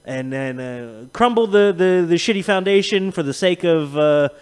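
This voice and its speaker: A man on a casual podcast who spins profane, rambling stories and laughs often. His voice sits slightly high and swoops widely as he tells them. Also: animated, normal speed, darkish tone, smooth. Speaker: podcast host. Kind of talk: casual chat.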